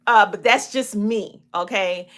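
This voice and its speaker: A woman's voice: mid-range voice, measured pace, a bit bright. A woman in her forties with a Southern US twang, a podcast host and coach talking casually to viewers, her words drawn out and looping, often laughing. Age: 40s. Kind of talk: casual livestream talk to viewers.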